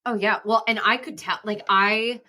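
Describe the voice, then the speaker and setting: A woman's voice: medium pitch, fairly even intonation, normal speed, bright, forceful tone. A woman in her thirties hosting a podcast, telling candid, rambling stories in casual chat with frequent restarts. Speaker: podcast host.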